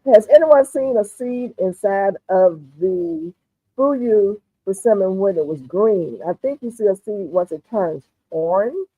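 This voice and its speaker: A woman with a Southern US accent hosting a casual livestream chat, relaxed and talkative, often murmuring "mm-hmm" and reading comments aloud. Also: mid-range voice, unhurried, husky, no echo. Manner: relaxed, chatty, frequent "mm-hmm". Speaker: livestream host. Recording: dry, phone-like narrow sound.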